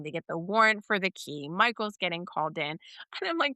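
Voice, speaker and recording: A woman's voice: medium pitch, sing-song, normal speed, pushed and bright, dry recording, clean studio sound. A woman co-hosting a podcast in casual chat, talking animatedly and acting out quotes in other voices. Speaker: podcast co-host. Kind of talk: casual chat recapping a soap opera.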